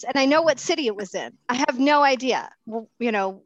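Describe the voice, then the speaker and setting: A middle-aged woman giving a candid, self-mocking recovery talk, pausing often with fillers and restarts. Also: high voice, no echo. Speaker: speaker sharing at a recovery meeting. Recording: dull, dry lo-fi sound.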